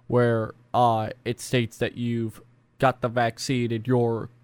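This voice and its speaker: A man's voice: mid-range voice, monotone, takes it slowly, darkish tone, clean tone, no echo. A young man vlogging casually, rambling and self-deprecating with lots of fillers. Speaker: YouTuber. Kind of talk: casual vlog talk.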